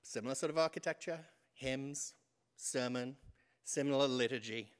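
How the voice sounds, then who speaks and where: English man, 50s, church vestry member, self-deprecating humor, middle pitch. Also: a little fast, a bit bright. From England. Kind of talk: humorous stewardship talk to a congregation.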